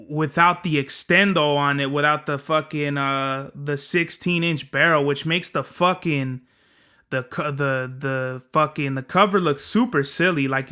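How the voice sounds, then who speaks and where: Young male podcast host, rambling and profane, bright and crisp tone. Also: a little high. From Southern California. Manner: profane, rambling, slangy storytelling. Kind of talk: casual solo podcast monologue.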